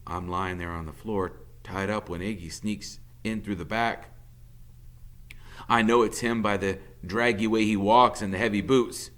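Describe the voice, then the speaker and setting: A man's voice: lowish voice, fairly even intonation, a little slow, fairly bright tone. A male teacher reading a novel aloud in a plain storytelling voice.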